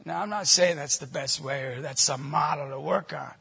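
Speaking in a large hall, this man runs a Catholic evangelization ministry and addresses a church group with animated, chatty storytelling. His pitch leans high and his pace is moderate, with creakiness and a breathy edge to the voice.

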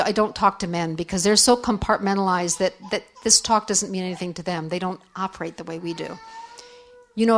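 A middle-aged woman giving a candid, reflective talk on faith and forgiveness to other women, sharing stories. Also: medium pitch. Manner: candid, conversational, acts out quoted voices.

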